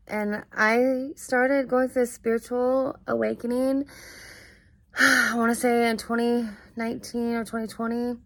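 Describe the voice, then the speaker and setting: Slow, halting woman musing aloud. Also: fairly high pitch, flat delivery, a bit bright, dry recording. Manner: halting, full of fillers and restarts; earnest and searching. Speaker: vlogger. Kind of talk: casual personal monologue.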